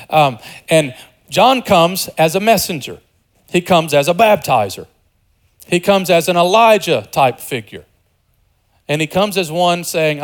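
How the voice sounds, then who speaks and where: A pastor preaching a sermon in an animated, conversational way, joking with the congregation and dropping to a hushed voice for quieter passages. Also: male voice, fairly high pitch. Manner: animated, swings between loud emphasis and hushed, softer passages.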